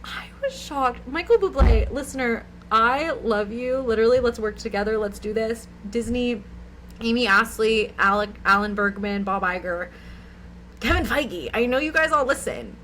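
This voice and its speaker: A woman's voice: on the high side, normal speed, fairly bright tone, a little hiss or hum, rough recording. A young woman co-hosting a podcast, telling a rambling, giggly anecdote full of "like"s in casual chat. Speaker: podcast co-host.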